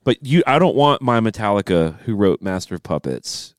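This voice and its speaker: Man, low and lively, blunt co-host; dry sound, faint music. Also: moderate pace, no room sound. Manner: blunt, laughs often, swears casually. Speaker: podcast co-host. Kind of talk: casual chat reviewing an album.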